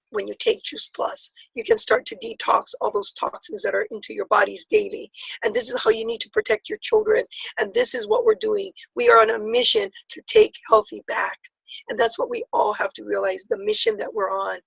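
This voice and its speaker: Woman, 50s, motivational speaker; husky, lively swoops, dry sound. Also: on the high side, dry recording, rough recording. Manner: passionate, rapid storytelling. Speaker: network marketing speaker. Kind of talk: motivational talk on a call.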